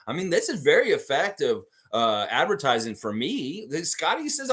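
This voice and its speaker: A man's voice: on the high side, normal speed, few pauses, husky. A man hosting a casual live stream, talking animatedly with frequent swearing and reading out viewer comments. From Canada. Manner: animated, profane, reads viewer comments aloud. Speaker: livestream host.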